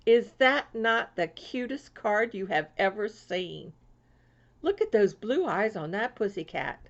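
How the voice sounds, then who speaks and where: A woman from Florida chatting casually to her viewers as she opens mail, gushing and excitable and swooping high over each gift. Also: measured pace. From Florida, USA. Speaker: crafting vlogger. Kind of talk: casual chat opening mail. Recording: lo-fi home video sound.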